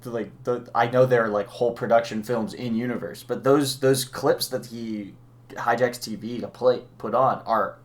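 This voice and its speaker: A man's voice: mid-range voice, steady tone, moderate pace. A young man co-hosting a movie podcast, talking casually and hesitantly with many restarts. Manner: hesitant, restarts phrases, laughs often. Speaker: podcast co-host. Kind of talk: casual movie review chat.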